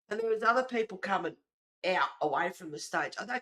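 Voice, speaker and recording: A woman, hosting a livestream and chatting casually while colouring, telling a story in an animated, gossipy way with the odd swear word. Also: sits low, quick pace. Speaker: livestream host.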